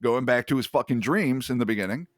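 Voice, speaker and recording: A male podcast host reading an account aloud in a hushed, measured way, with casual swearing in his asides. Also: medium pitch, dry recording.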